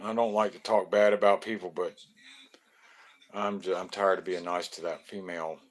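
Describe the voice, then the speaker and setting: A man's voice: low-pitched, fairly even intonation, normal speed. A man, from Florida, hosting a casual live stream, greeting viewers by name in a loose, joking way.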